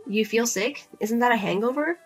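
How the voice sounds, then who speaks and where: A woman playing a fed-up grown daughter who speaks flatly and firmly to her pushy mother in a narrated drama. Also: a little high, moderate pace, soft background music, natural voice. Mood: accusing. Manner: flat, firm, cold and blunt. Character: Lizzie, grown daughter, cool, blunt, fed up.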